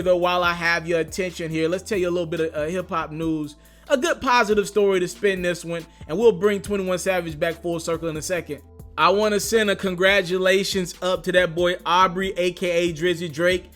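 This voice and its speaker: Animated, slangy male hip-hop commentator. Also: high-pitched. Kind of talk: casual commentary vlog.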